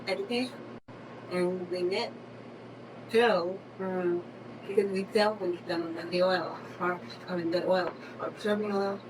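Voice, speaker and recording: Flat-voiced woman, far from the mic. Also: mid-range voice, background noise. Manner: halting, eager. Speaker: seminar attendee. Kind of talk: self-introduction.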